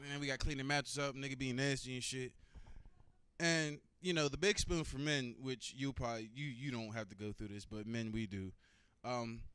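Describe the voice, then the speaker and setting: A man's voice: mid-range voice, sharp tone, smooth. A man doing a stand-up comedy set, talking loosely and profanely and working the crowd.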